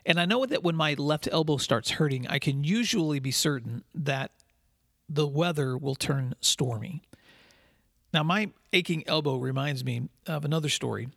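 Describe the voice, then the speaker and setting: A man with a somewhat high, gravelly voice delivers a scripted podcast monologue. He tells his story in an earnest, measured way, and the recording is close and dry. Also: a bit bright, no room sound. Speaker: podcast host and school leadership speaker.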